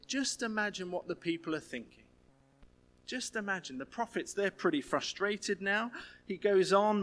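Lively, joking preacher with a raised voice. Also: male voice, high voice. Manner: lively, humorous, conversational preaching. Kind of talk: sermon.

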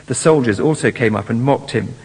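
A man's voice: mid-range voice, fairly quick, darkish tone, husky. A man preaching a sermon, working through a Bible passage and putting rhetorical questions to his congregation. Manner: acts out mocking voices in quotes. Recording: long hall reverb.

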